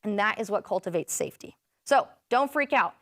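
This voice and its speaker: A woman's voice: mid-range voice, expressive, fairly quick, no room sound, studio quality. A woman presenting an interactive parenting workshop, chatting with the audience, asking questions and rephrasing their answers.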